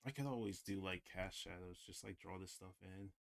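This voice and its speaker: Deep voiced guy rambling on stream while drawing, says like a lot. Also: moderate pace, vocal fry. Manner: rambling, heavy use of "like". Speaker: livestreamer. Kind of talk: casual chat while drawing.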